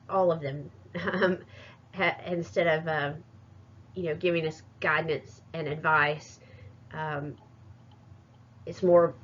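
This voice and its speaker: Hesitant woman presenting. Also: lowish voice. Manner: hesitant, many fillers and restarts. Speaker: student presenter. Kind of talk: recorded class presentation. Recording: muffled lo-fi recording.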